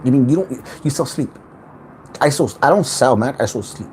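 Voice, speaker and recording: A man talks through a casual livestream monologue with a lively, swooping voice, starting and restarting his sentences. His pitch sits in an ordinary middle register. He tosses in swear words along the way. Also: moderate pace, a little hiss or hum. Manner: rambling, repeats words, swears freely, animated. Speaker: spiritual self-help livestream host.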